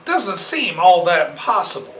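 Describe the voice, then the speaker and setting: A man's voice: high voice, big pitch swings, moderate pace, fairly bright tone, distant mic. A man playing a tabletop game who stammers and asks pointed questions. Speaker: player. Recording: echoey room with faint noise.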